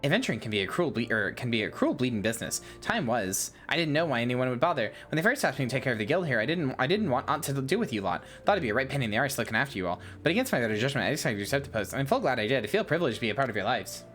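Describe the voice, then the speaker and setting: A woman's voice: rumbling low, sing-song, racing, hardly any pauses, fairly bright tone, soft background music, exaggerated voice. A woman voicing a brusque, earthy female guild master in a put-on English accent, with blunt, slangy patter. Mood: gruff.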